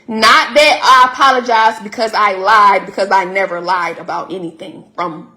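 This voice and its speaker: A woman's voice: mid-range voice, steady tone, normal speed, sharp tone, roomy sound. A woman speaking in an emotional, preachy way, repeating herself for emphasis. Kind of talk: emotional testimony.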